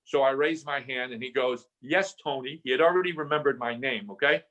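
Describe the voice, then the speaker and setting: Guesting on a podcast, an older Southern Californian man recounts a story, mimicking the people he quotes and frequently restarting his sentences. His medium-pitched voice is fairly bright and moves at a fairly quick clip.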